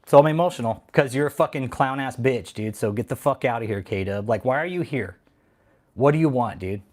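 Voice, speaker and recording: A man's voice: medium pitch, fairly quick, darkish tone. A man hosting a livestream, talking casually and then ranting heatedly with heavy swearing and repeated phrases. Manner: heated, profane, repeats himself. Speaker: channel host. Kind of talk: angry livestream rant.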